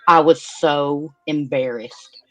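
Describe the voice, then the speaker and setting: A woman's voice: deep voice, slow pace, dry recording. A woman guest on a livestream panel, rambling and laughing through an embarrassing confession. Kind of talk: casual livestream chat.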